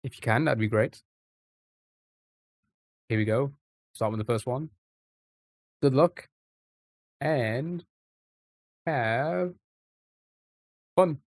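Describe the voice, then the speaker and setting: A young man with an English accent chats loosely with his stream viewers, rambling and joking between thoughts. His voice sits at an ordinary middle pitch. It comes across dry and close, with almost no room sound. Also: very slow, pauses often, no echo. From England. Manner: chatty, rambling, joking with chat. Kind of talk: casual live-stream chat.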